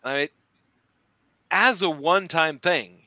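Man, podcast co-host, slow halting speech, bright tone, dry dull lo-fi mic. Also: a little high, dry recording. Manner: slow, halting, many fillers. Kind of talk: casual chat.

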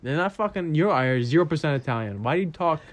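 A young man in casual podcast banter, teasing and roasting his friend and swearing along the way. His voice sits a bit high for a man, and his pitch moves around a lot. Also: animated, fast talker. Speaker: podcast co-host. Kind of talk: casual chat.

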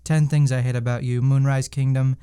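Young male co-host, clear smooth voice, loose rambling delivery full of fillers. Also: mid-range voice, little pitch movement, a little fast, dark tone. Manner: rambling, many fillers and restarts. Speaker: podcast co-host. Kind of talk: casual movie-review chat.

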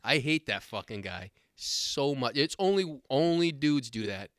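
A man in casual podcast chat tells coarse stories at a loose, rambling pace and slips into other people's voices to act out the funny bits. His pitch sits in the middle, and the recording is dry and close. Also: expressive, a little slow, a bit bright, clear, resonant tone, no room sound.

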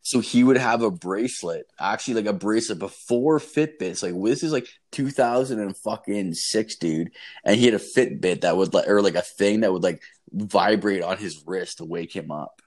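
Speaking at a normal pace in a somewhat dark tone, a man recounts a story casually, wandering off track, cursing, peppering it with "like" and "dude," and squeaking into high yelps whenever he quotes someone.

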